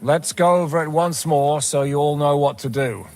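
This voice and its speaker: A man's voice: fairly high pitch, moderate pace, darkish tone, lightly acted. An actor playing a decisive male mercenary captain giving orders in a game cutscene.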